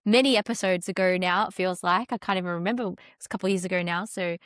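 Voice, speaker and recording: A woman's voice: lowish voice, quick pace, a bit bright, no echo, clean studio sound. A young adult Australian woman, a content strategist chatting as a podcast guest, with a chatty, flowing manner full of "like" fillers. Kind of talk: casual interview chat.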